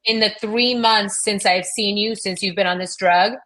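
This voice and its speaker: A woman's voice: medium pitch, fairly even intonation, moderate pace, a bit bright. A middle-aged woman telling a rambling personal story in casual chat, full of fillers and quoted dialogue. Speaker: guest.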